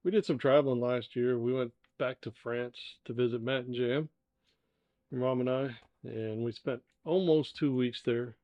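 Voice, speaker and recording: An older man from the United States chats on a podcast, wandering through travel stories with plenty of "you know" and "uh". His voice sits at a middle pitch. The recording is dry and a little dull. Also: fairly even intonation, moderate pace, no echo. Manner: easygoing storyteller with fillers. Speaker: co-host, the father. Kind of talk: casual podcast chat. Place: indoor dining room.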